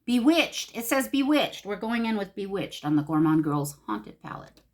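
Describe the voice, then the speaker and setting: A Los Angeles beauty vlogger chats casually through a makeup tutorial, gushing and talking to herself as she applies her makeup. Her mid-range voice has a sing-song lilt, a darkish tone, and a moderate pace.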